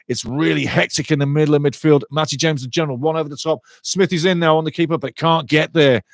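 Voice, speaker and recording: A middle-aged man doing live fan commentary of a football match, chatty and excitable, greeting viewers by name. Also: a little high, no room sound.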